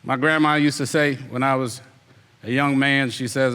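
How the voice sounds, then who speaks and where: A man's voice: medium pitch, steady tone, moderate pace, sharp tone, clean tone, in a large hall. A man preaching a sermon as an elder, emphatic and repetitive, firing rhetorical questions at the congregation. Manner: mimics lazy excuses in put-on voices.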